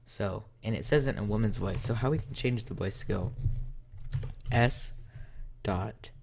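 A man's voice: on the low side, moderate pace, creaky, a little mellow, slight background noise. A man hosting a casual coding tutorial, talking step by step while he types. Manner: talks step by step while typing. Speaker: tutorial host.

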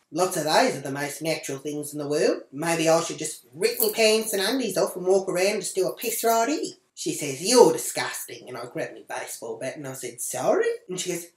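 A woman's voice: on the low side, reverberant. An Australian woman ranting crudely to camera as a vlogger, swearing freely as she tells her story. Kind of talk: foul-mouthed comic rant to camera. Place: small indoor room at home.

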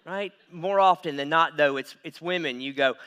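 A man in his thirties preaching a sermon from a church stage, dropping to hushed asides and then building to loud, emphatic runs. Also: a little high, moderate pace, clear, resonant tone, muffled recording. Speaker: pastor.

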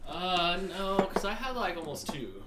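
A man's voice: high voice, sing-song, a little slow, over a noisy crowd. A man co-hosting a home baking livestream, chatting in a laid-back, joking way. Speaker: cooking show co-host. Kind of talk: casual livestream chat.

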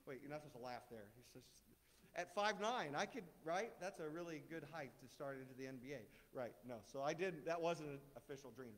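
A middle-aged man delivers a sermon in a relaxed, joking manner, his voice a touch higher than most men's. He keeps asking the congregation rhetorical questions. His words trail off into the long reverb of a church sanctuary. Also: brisk. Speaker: guest speaker.

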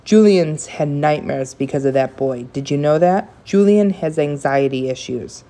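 A woman's voice: sits low, moderate pace, dark tone. A woman voicing a furious, defensive mother. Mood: indignant. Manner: raised, heated delivery. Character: indignant defensive mother, sharp-tongued.

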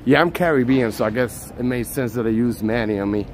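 A man's voice: mid-range voice, brisk, a little hiss or hum. A man from Puerto Rico joking and chatting casually while he walks and films a city street. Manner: joking, chatty, laughs a lot. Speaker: vlogger. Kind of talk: casual walking vlog.

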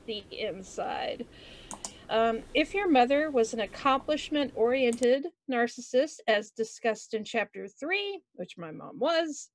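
A woman's voice: a little high, dry recording. A woman co-hosting a casual podcast chat, candid and self-mocking, laughing often as she talks. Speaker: podcast co-host.

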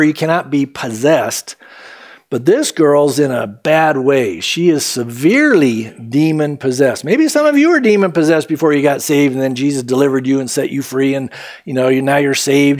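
A man preaching a sermon as pastor, animated and acting out the quotes in different voices. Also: medium pitch.

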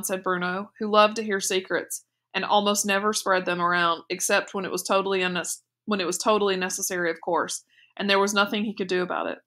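A woman teacher reads a novel aloud in a clear, steady storytelling manner. Her voice is bright and crisp. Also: lowish voice, a little fast.

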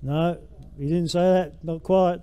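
A man's voice: fairly high pitch, steady tone, slow pace, mellow, clean tone, dull audio. An older man preaching a sermon in a church, emphatic, his voice rising and falling with the message.

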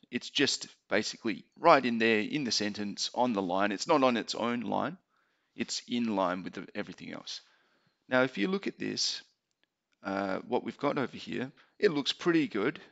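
A man teaching maths in a relaxed tutorial, thinking aloud as he types. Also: mid-range voice, creaky. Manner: relaxed explaining, thinking aloud while typing. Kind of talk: screen-recorded tutorial. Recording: dull lo-fi home mic.

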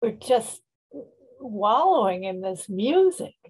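Woman in a poetry group, breathy, slow and enthusiastic. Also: medium pitch, very animated, poor audio. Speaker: discussion participant. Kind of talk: casual group discussion.

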